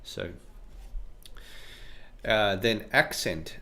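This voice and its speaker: A man giving a casual guitar lesson, explaining technique in a relaxed way and often checking in with "right?". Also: lowish voice, drawn-out words. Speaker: guitar teacher. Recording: faint guitar music behind voice. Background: his own guitar playing between phrases.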